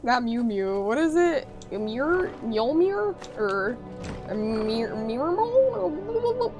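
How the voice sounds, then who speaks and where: A woman streamer chatting casually while playing a game, reacting loudly and reading chat messages aloud, with game music behind her. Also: high-pitched, big pitch swings, extremely slow. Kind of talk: casual live gameplay chat.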